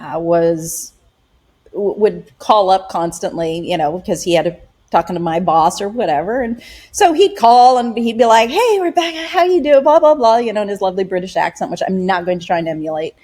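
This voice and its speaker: A middle-aged woman pastor and author, chatting as an interview guest, telling stories in a lively way with acted-out quotes and frequent laughter. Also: fairly low pitch, fairly quick. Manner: animated storyteller, acts out quotes, laughs often. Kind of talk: casual interview chat.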